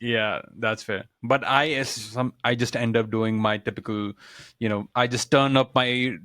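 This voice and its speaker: A man with an Indian accent co-hosts a podcast. He asks questions in a friendly, chatty way and jokes about himself. The recording is dry and close, with no room sound, and his pitch sits in the middle range. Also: steady tone, unhurried, pushed and bright, dry recording. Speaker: podcast co-host. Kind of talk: casual podcast interview.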